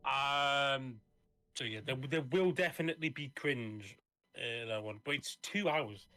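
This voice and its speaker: A man's voice: medium pitch, a little slow, bright, forceful tone. A man chatting casually and reassuringly with a friend during a game stream. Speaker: co-op guest player. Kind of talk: casual gaming stream chat.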